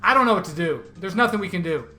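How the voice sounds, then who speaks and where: A man's voice: high-pitched, animated, fast, pushed and bright, soft background music. A man in his thirties from California, answering viewer questions and commenting on gameplay in an upbeat, joking, chatty way. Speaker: gaming YouTuber. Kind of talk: casual Q&A vlog with gameplay commentary.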